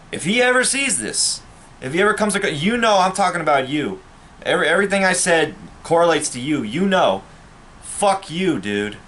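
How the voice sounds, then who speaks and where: A man's voice: fairly high pitch, a bit bright, slight background noise. Man ranting bitterly to camera. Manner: bitter, angry, profane ranting. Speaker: vlogger. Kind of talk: personal rant to camera.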